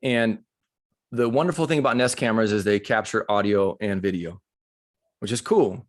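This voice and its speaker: Animated male motivational speaker. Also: on the low side, moderate pace. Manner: animated, conversational, emotional storytelling. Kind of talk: motivational talk with storytelling. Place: live retreat session.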